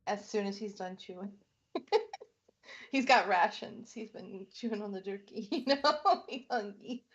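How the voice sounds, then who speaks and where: A woman playing a tabletop roleplaying game, excitable, laughing often and swearing casually. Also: mid-range voice, unhurried, husky, lo-fi sound. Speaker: player.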